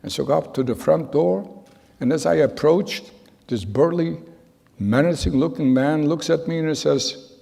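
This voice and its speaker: Gravelly man in his nineties, echoing hall. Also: a little high, dark tone. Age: 90s. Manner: halting, earnest storytelling with repeated phrases. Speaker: Holocaust survivor giving testimony. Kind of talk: spoken testimony to an audience. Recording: long reverb of a large hall.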